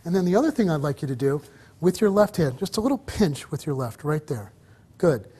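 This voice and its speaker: A man with a fairly high, warm, breathy-edged voice teaches wedding photography on location, talking briskly and animatedly as he moves around a hotel. He encourages and coaches, alternating between directing his subject and explaining to the camera.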